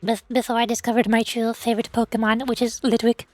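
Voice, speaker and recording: A woman streamer with a high, bright voice chats casually and teases her viewers with mock outrage. She sounds excitable and playful. The sound is dry and close, with faint music behind her. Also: fast, dry recording. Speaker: livestream host.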